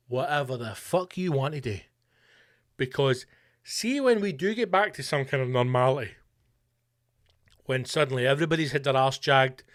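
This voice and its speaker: A Scottish man hosting a podcast, delivering a profane, ranting comic monologue with mock-rallying slogans. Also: mid-range voice. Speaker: podcast host.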